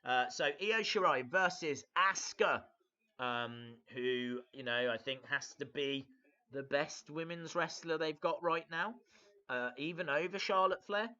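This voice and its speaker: A man hosting a casual live reaction stream, his voice bright and forward but captured with a dull, lo-fi sound. He rambles along with plenty of ums and uhs, greeting viewers and answering their comments as he goes. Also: on the high side, unhurried. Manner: rambling, hesitant, many fillers, reads out viewer comments.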